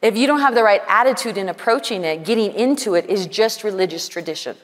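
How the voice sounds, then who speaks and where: A woman's voice: mid-range voice, expressive, fast. A woman preaching at a women's conference, earnest and conversational, often quoting dialogue. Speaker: conference speaker. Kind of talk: sermon. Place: large conference hall. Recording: hall reverb.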